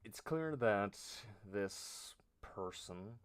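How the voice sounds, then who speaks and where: A man streamer improvising a story aloud, halting and nervous, often trailing off and poking fun at himself. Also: on the low side, lively intonation, smooth. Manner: halting, nervous, self-deprecating.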